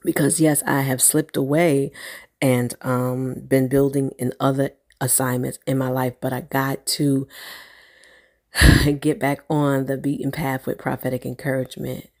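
A woman shares spiritual encouragement in a loose, prayerful ramble, often circling back and restarting her thoughts. Her voice sits low, and she takes her time. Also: flat delivery, measured pace, a little mellow. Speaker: online prophetic encourager. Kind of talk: spontaneous spiritual encouragement vlog.

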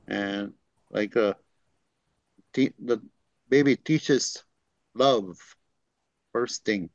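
A man teaching through unhurried stories, full of fillers and the tag "eh?". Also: on the low side, creaky, no echo. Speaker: language teacher. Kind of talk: storytelling teaching talk. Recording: dry, dull lo-fi recording.

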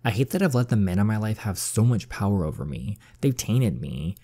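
A man reading a heartsick young woman, dark-voiced. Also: lowish voice, lively intonation, brisk, husky. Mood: anguished. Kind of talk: reading a story game aloud.

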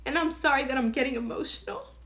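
A woman with a bright, slightly high voice recounts a personal story as a podcast host. She speaks earnestly and from the heart. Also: lively intonation, fast talker.

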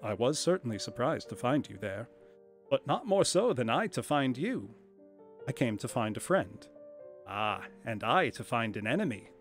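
A man voicing a masterful detective who speaks in a crisp, confident, commanding way, over faint background music. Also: medium pitch, big pitch swings, normal speed, lightly acted. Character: brisk, masterful male detective in disguise.

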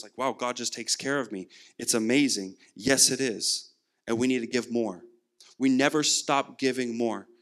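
A man's voice: mid-range voice, a bit bright. A young man preaching a sermon, telling a personal story and acting out the dialogue himself. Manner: storytelling, acts out quoted dialogue. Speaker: guest preacher.

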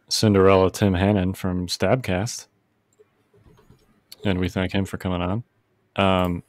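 A man hosting a podcast, relaxed and friendly in casual chat. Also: sits low, no room sound. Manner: relaxed and friendly, wraps up segments. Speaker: podcast host.

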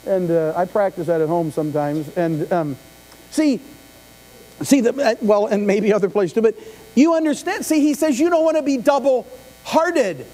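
A middle-aged pastor with a warm, high-sitting voice preaches at a moderate pace, keeping his sermon conversational with frequent questions to the congregation and asides. It's streamed live from the church sanctuary, with long reverb and mains hum.

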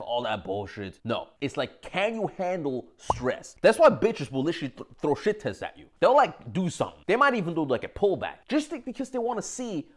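A man giving a brash, profane motivational rant who keeps slipping into mocking voices. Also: a little high. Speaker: motivational speaker.

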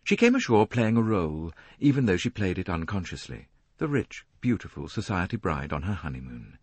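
A man narrating an audiobook in a measured, expressive reading on a close studio mic. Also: low voice, husky, dry recording. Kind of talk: scripted narration.

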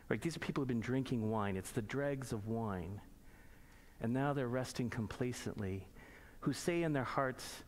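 Man preaching a sermon in church. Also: medium pitch. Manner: reads scripture slowly, then explains in plain conversational asides; asks the congregation pointed rhetorical questions. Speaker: pastor.

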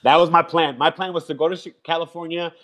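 A man guest from Chicago telling his life story in a live interview, animated and repeating himself as he acts out quoted voices. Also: on the high side, quick pace.

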